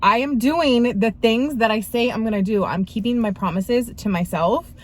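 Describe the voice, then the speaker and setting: A woman's voice: on the high side, normal speed. Chatty young woman vlogging. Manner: chatty and slangy, full of "like" fillers. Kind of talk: casual vlog chat.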